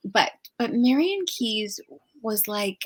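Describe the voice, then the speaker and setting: A woman author chatting as an interview guest, an animated storyteller who laughs often. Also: a little high, slow pace, husky. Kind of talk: casual interview chat.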